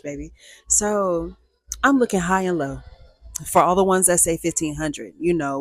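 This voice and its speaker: A woman hosting a casual storytime vlog, talking in a playful, animated way and acting out dialogue with big jumps in her voice. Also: on the low side, no echo. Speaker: storyteller host.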